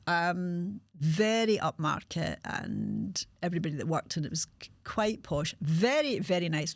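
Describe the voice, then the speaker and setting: A woman in her sixties with a Glasgow accent, hosting a podcast and telling her own life story frankly, with halting restarts. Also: on the low side, no room sound. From Scotland. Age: 60s. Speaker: podcast host. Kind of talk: candid personal storytelling.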